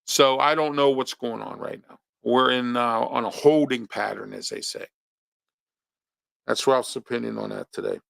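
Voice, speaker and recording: A man's voice: medium pitch, fairly even intonation, moderate pace, vocal fry, a bit bright, dry recording. A man from hosting a local talk show, ranting his opinions with pointed rhetorical questions. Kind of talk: opinionated monologue.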